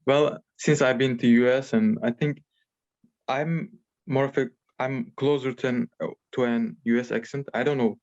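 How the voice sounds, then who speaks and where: A man in his twenties from Turkey with a Turkish accent, a podcast guest talking casually in a halting way full of fillers. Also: mid-range voice, fairly even intonation, a little mellow. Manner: hesitant, halting with many fillers. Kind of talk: casual chat. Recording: muffled lo-fi call audio.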